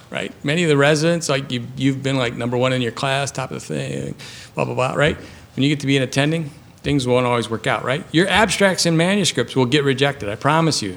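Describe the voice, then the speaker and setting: A man's voice: mid-range voice, fairly bright tone. A man in his fifties, a surgeon giving a conversational lecture to residents in a hall, often checking in with "right?". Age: 50s. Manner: conversational, ends points with "right?". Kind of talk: lecture to a live audience.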